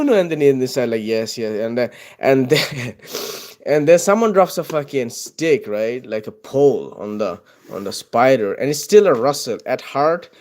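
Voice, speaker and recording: A man's voice: mid-range voice, darkish tone. A man talking casually while drawing, rambling from tangent to tangent with plenty of swearing and chuckles. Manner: profane, tangent-hopping, chuckling often. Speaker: artist drawing on video.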